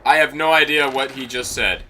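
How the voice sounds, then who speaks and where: A man's voice: mid-range voice, fairly even intonation, normal speed, pushed and bright, a little hiss or hum. A man streaming a game and commenting casually, with wry jokes and asides to himself. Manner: wry, joking, talks to himself. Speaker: let's-play streamer.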